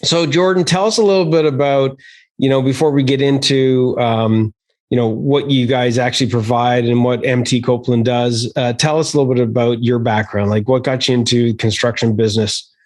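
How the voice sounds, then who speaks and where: A man's voice: mid-range voice, fairly even intonation, moderate pace, a little mellow. A man with a Canadian accent hosting a contractor podcast, brash and hype-driven, swearing freely. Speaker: podcast host. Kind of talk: podcast interview, energetic promo.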